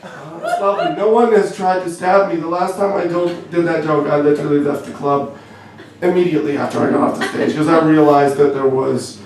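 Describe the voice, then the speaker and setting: Heard from afar in an echoey club with faint room noise, a young Canadian man does stand-up, wry and self-deprecating, stumbling over fillers. His voice is a little high and darkish in tone, with fairly even intonation and a slightly fast pace.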